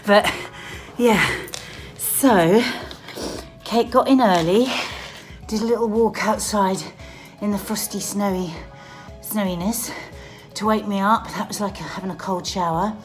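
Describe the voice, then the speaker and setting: A middle-aged woman vlogging casually from her dressing room at work, chatty and excitable, out of breath. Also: mid-range voice, measured pace, faint music behind. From England. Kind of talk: casual vlog monologue.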